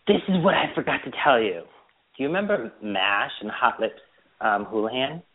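A man chatting as a podcast host, his pitch swinging widely as he tells stories and laughs often. The sound is thin and narrow, like a phone line. It is loose, casual talk among friends. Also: normal speed, background noise. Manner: animated storyteller, laughs often. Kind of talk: casual chat.

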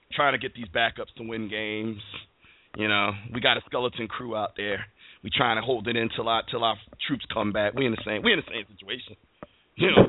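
A man from Connecticut hosting a call-in sports talk show, ranting in a fired-up, emphatic way and repeating his phrases. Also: medium pitch. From Bristol, Connecticut, USA. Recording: tinny phone-line sound, dry.

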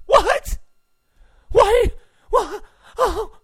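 A man voicing an indignant male journalist, whining in shrill disbelief. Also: animated, very slow, full character voice. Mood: whiny.

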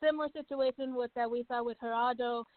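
A woman guest on a soccer radio show, giving measured, detailed analysis. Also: fairly high pitch, fairly even intonation, dry recording. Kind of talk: sports talk radio discussion. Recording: tinny phone-line sound.

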